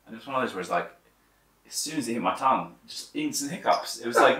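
Gravelly low-voiced man telling tales in an echoey room. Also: quick pace. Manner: swears freely, animated storytelling. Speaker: guest. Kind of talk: casual chat. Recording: echoey room, mic at a distance.

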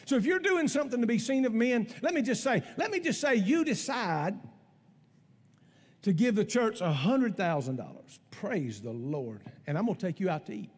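Pastor: very high voice, folksy and emphatic, with a long echo from the church sanctuary. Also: male voice, animated, a little fast. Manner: folksy, emphatic, conversational preaching. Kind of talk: sermon. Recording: long church hall reverb.

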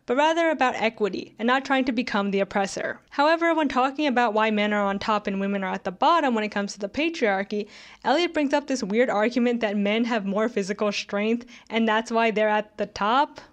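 A woman's voice: on the high side, fairly quick. A young woman reading a scripted video essay in a critical, conversational way, with sarcastic asides.

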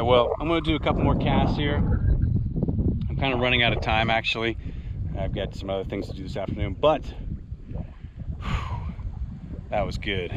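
Male fishing vlogger, slow unhurried delivery, pitch swinging up and down freely, chatty and exclamatory with viewers. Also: lo-fi sound, noisy background. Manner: exclamatory, talks straight to the viewers. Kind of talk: casual outdoor vlog talk to viewers. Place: outdoors on a reservoir shore.

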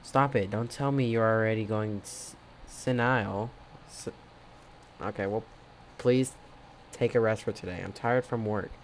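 A worn-out grown son in a game, pleading and weary as he begs his mother to rest, as a man reads the part. The voice sits low, with light background noise. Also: fairly even intonation, unhurried. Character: tired pleading adult son.

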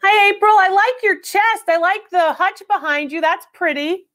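A woman hosting a live call-in appraisal stream, talking in a brisk, chatty, direct way. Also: very high-pitched, fairly bright tone. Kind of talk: unscripted live appraisal chat.

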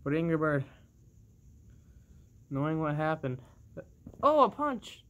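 Excitable slow-paced wrestling commentator. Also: medium pitch. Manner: excitable, bursts of oohs and laughing mid-call. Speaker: play-by-play commentator. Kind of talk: excited wrestling commentary over a toy match.

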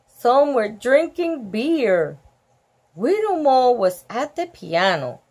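A woman's voice: on the high side, sing-song, slow, darkish tone. Giggly woman reading a storybook aloud. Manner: giggly, chatty, easily amused. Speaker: storybook reader. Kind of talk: reading a picture book aloud with asides.

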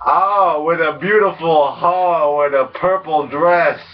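A man giving casual game commentary, rambling and crude, laughing and jumping into high excited yelps. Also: takes it slowly, distant mic, muffled recording. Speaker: gameplay commentator.

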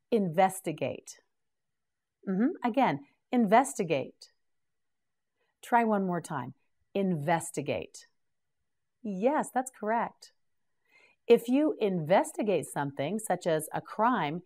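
A woman's voice: on the low side, a little mellow. A middle-aged woman teaching English vocabulary, saying each word several times and praising the learner. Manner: patient, encouraging, repeats each word slowly. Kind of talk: slow scripted pronunciation drill.

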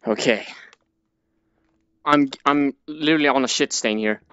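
A man's voice: medium pitch, unhurried, sharp tone, clear, resonant tone, no room sound. A man commentating a VR horror game, jumpy and panicky, swearing and muttering to himself as he plays. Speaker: gamer playing a VR horror game. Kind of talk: let's play commentary. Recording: dull lo-fi dry recording.

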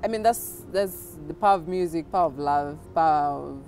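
A woman's voice: low voice, moderate pace, darkish tone, recorded from a distance, soft background music. A Kenyan woman in her thirties, a guest chatting playfully in an interview and laughing often. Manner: playful, laughs often, puts on a Jamaican patois. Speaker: guest, radio presenter. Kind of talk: casual interview chat, switching into Swahili.

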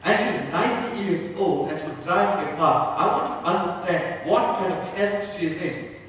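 A man's voice: high-pitched, moderate pace, a bit bright. A male pastor giving a sermon, telling a story earnestly and building to fervent emphasis. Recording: echoey hall from far off.

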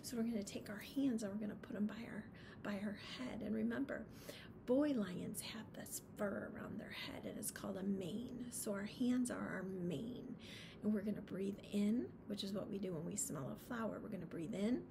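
A woman teacher guides young children through their morning meeting in a gentle, encouraging voice. She keeps her words simple and patient, with a gravelly, fry-touched edge. Steady background noise runs under the recording. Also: mid-range voice, moderate pace.

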